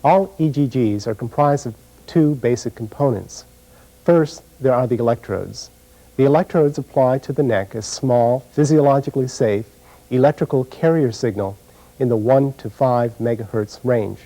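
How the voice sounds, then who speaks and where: A man giving scripted, measured narration for a technical instructional video. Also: medium pitch, dark tone, rough recording.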